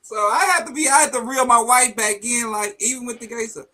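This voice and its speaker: A man speaking as a guest on a casual talk show, in a conversational way full of halting restarts. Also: very high voice, sharp tone.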